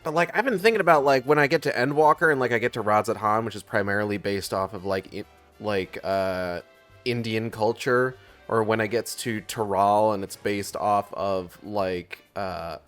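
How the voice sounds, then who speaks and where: A man's voice: fairly low pitch, moderate pace, a bit bright, faint music behind. A man streaming a video game, talking casually in a rambling way with lots of fillers and some swearing. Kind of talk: casual let's-play commentary.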